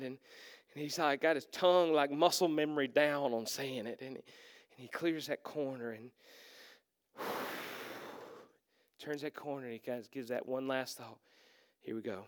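High clear-voiced preacher man acting out the story, loud then hushed. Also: fairly even intonation, moderate pace, no echo, studio quality. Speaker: pastor. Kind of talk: sermon.

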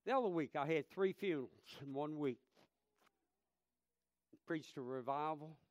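Man, 30s, pastor preaching, impassioned, smooth clear voice, dry close sound. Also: on the high side, moderate pace, dry recording, muffled recording. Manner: impassioned, swings from shouting to hushed storytelling. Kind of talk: sermon.

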